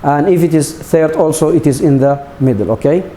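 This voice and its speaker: Teacher with an Arabic accent, echoey room. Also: male voice, on the high side, normal speed, warm tone. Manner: repeats himself, stumbles, adds Arabic glosses. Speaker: English teacher. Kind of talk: recorded classroom lesson.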